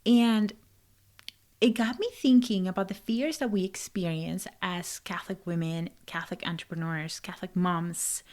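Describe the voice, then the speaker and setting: A woman's voice: fairly low pitch, a little mellow. A woman hosting a podcast in a casual monologue, speaking English as a second language with an accent, laughing and sometimes dropping to a whisper for emphasis. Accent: non-native English accent. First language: not English. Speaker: podcast host and life coach.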